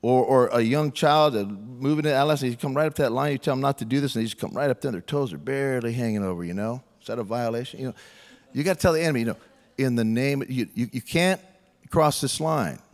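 A man's voice: mid-range voice, rapid-fire, a little mellow. A man preaching a sermon in a conversational, humorous way, often acting out quoted lines. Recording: reverberant hall.

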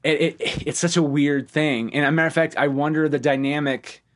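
A man hosting a casual podcast chat about a film, animated and swearing freely, often acting out lines from the movie. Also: a little high, brisk. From Ohio, US. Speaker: podcast host.

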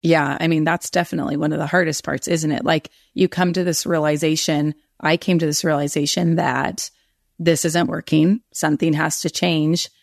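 A woman's voice: low-pitched, little pitch movement, moderate pace, creaky, no room sound, studio quality. A middle-aged woman speaking as a guest author in a podcast interview, earnest and rambling, often correcting herself.

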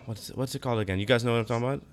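A man's voice: mid-range voice, rapid-fire. A man chatting casually on a podcast, rambling and searching for words with many fillers. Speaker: podcast co-host. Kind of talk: casual chat.

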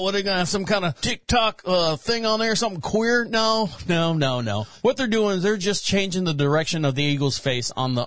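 A man's voice: a little high, no echo. A man hosting a show, reading news headlines and rambling jokingly about them in casual commentary. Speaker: show host.

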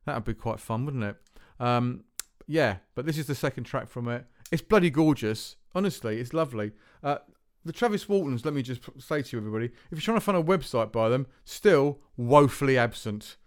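Man, podcast host, smooth clear voice, rambling chat, stumbles and restarts. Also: medium pitch, animated, a little fast. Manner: rambling, stumbling over words, offhand swearing.

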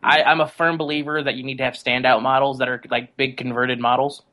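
A man's voice: medium pitch, level tone, fairly quick, pushed and bright, rough recording. A man as a podcast guest, chatting casually and enthusiastically with jokes.

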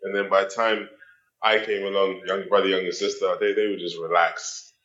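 A man chats with a podcast host. He tells stories in an animated way and laughs often. His voice carries a roomy echo. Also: deep voice, fairly quick, dull audio. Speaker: actor guest. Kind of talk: casual interview chat.

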